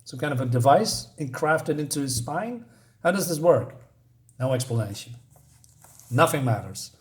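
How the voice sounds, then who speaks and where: A man's voice: a little high, lively intonation. A man casually reviewing a comic book, sarcastic and exasperated, rambling with many fillers and reading dialogue aloud. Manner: reads dialogue aloud in quick snatches.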